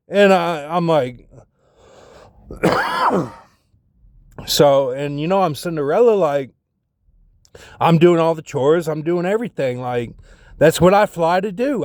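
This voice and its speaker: A man's voice: fairly high pitch, a little slow, long pauses, darkish tone, dry recording, studio quality. A man talking in a rambling personal monologue, packed with fillers and restarts, getting agitated when he retells arguments.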